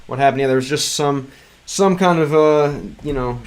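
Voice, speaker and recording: A man chatting casually on a livestream, rambling with many restarts and fillers and stopping now and then to sound out game text in halting learner's Russian. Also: fairly high pitch, smooth. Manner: clumsy Russian read aloud in a learner's voice. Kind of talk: casual livestream chat reading comments.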